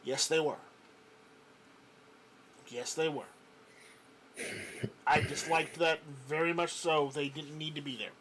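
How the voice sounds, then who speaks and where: A man's voice: fairly high pitch, steady tone, takes it slowly, pauses often, noisy background. A man hosting a casual livestream, chatting with a co-host and reading viewer comments aloud, often repeating words as he restarts. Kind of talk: casual live-stream chat.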